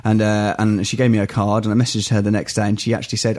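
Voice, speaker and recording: A man, a stand-up comedian, telling an excitable story as a guest in a casual podcast chat. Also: on the low side, fast.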